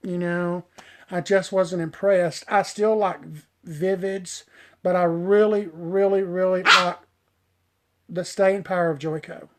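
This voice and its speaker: Taking it slowly, with fairly even intonation and a fairly bright tone, a middle-aged hairstylist chats folksily with live-stream viewers he calls y'all, over slight background noise. He breaks off to coax his dog in a high, sing-song voice.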